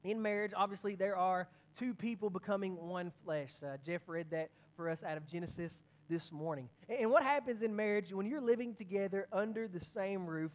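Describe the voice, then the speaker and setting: A man preaching a sermon as pastor, telling a story with energy and many quick restarts. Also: sits high.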